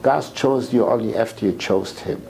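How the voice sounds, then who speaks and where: A man giving an impassioned sermon lecture, repeating words as his voice climbs to near shouts. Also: fairly low pitch, normal speed, creaky, low-quality recording. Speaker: rabbi lecturer.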